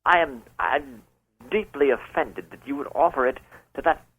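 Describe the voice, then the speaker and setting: A man's voice: mid-range voice, moderate pace, slightly rough, narrow, tinny audio, natural voice. A man playing a pompous caller posing as a rock singer, speaking in a mock-formal, smug, suggestive way on a radio show. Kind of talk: comedic prank call on radio.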